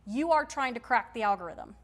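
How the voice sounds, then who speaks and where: A woman's voice: a little high, animated, fairly quick. A woman giving a live workshop talk to a room, conversational and emphatic, often checking in with her audience. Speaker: workshop presenter. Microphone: handheld or stage mic.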